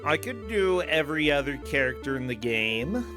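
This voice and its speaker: A man's voice: fairly high pitch, sing-song, moderate pace, soft background music. Chatty man co-hosting a variety stream. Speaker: co-host of a stream variety show. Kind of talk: casual chat.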